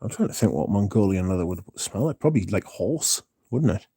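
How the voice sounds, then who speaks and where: A man's voice: on the low side, animated, a little fast, mellow, breathy edge, no echo, clean studio sound. A man hosting a livestream, chatting casually with viewers in a blunt, sweary, rambling way. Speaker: livestream host reading viewer chat.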